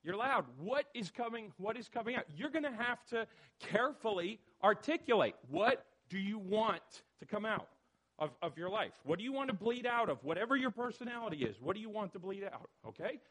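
A man leading a church study discussion, animated and questioning, calling on people by name. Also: high-pitched, fairly quick. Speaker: church study group leader.

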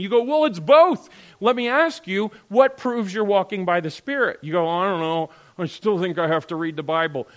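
A fairly high-voiced man gives a conversational Bible teaching, talking straight to his listeners. He is animated, rising loud and then dropping to a hush, and keeps checking in with "all right?". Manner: animated, swings between loud and hushed. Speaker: preacher.

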